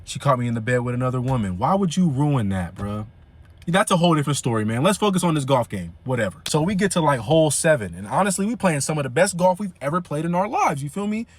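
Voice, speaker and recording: A young man vlogger telling a story casually, full of slang and fillers, animated. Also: fairly high pitch, quick pace, no room sound.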